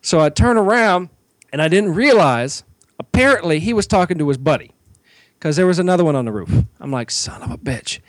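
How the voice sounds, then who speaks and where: A man co-hosting a podcast, spinning a story full of swearing and acted-out yelps. His voice sits a bit high. The sound is dry and close, with no room in it. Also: a little fast, no room sound. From Georgia, US. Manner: animated, swears constantly, acts out his own shouts. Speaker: podcast co-host. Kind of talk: profane comic storytelling.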